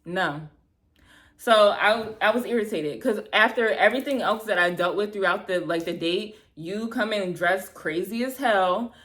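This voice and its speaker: A woman in her thirties telling a bad-date story to camera, animated and exasperated, acting out both sides of the conversation, with lots of "like" and casual swearing. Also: medium pitch, measured pace. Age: 30s. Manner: heavy filler "like", casual swearing. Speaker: vlogger. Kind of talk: storytime vlog, casual retelling.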